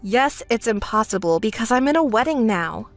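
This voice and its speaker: A woman voicing a calm, level-headed young woman who answers her sister flatly and sarcastically, in a texting-story voice-over. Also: a little high, moderate pace, dry recording, faint music behind. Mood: dry. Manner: flat, dry, sarcastic.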